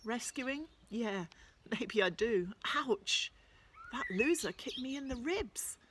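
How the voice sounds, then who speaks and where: A woman's voice: on the high side, lively intonation, measured pace, noisy background, pitched above the performer's own voice. Woman voicing a cocky battered teenage boy. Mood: wry. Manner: offhand, casual.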